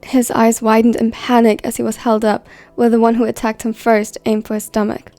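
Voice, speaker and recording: A woman reads a dramatic story aloud at a steady, even pace of delivery. Her voice sits fairly high yet sounds mellow, with a gravelly fry. The recording is dry, with faint music underneath. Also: brisk, no echo. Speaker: fan fiction reader. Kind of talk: scripted story narration.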